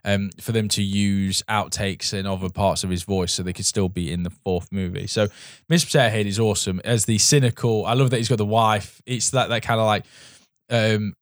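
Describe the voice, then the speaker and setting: Male podcast co-host, low voice, dry sound, chatty and meandering. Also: fairly even intonation, brisk, no room sound. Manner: rambling, trails off with fillers. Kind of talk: casual film chat.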